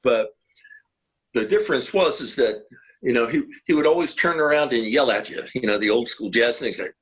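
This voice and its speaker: An older man with a husky, slightly breathy voice recounts his past in a relaxed, meandering way. He restarts sentences often and drifts from one anecdote to the next, chatting as an interview guest. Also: medium pitch, moderate pace, low-quality recording. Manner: rambling, anecdotal, many restarts. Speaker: guest musician. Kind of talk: casual interview storytelling. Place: home, video call.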